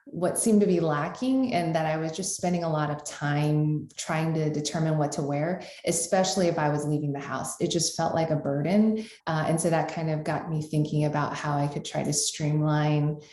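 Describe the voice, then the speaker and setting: A woman's voice: low voice, moderate pace, few pauses, mellow, echoey room. A woman in her thirties, a business founder, answering interview questions in an earnest, explanatory way with some ums. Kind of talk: conversational interview.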